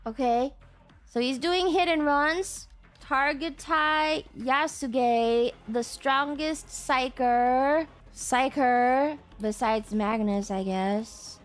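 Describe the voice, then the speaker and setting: High-voiced, profane woman streamer. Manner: profane, exasperated outbursts at chat. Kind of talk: casual livestream chat.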